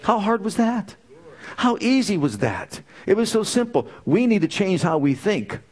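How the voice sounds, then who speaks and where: A man's voice: high voice, very animated, normal speed, a little mellow. A man preaching a sermon, emphatic and full of rhetorical questions.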